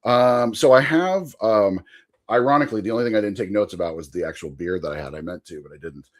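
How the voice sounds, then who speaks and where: A man's voice: on the low side, fast. A man chatting casually on a podcast, telling a long rambling story and laughing often. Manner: chatty with frequent fillers and asides.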